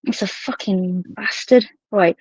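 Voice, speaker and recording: A woman's voice: medium pitch, a little slow, slightly rough, dry recording, rough recording. A woman hosting a live stream, chatting casually, swearing freely as she tells stories. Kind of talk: casual chat. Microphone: phone on a live stream.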